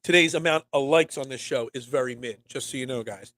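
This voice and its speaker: A young man hosting a casual solo sports talk show, rambling and animated with lots of restarts. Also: mid-range voice, brisk.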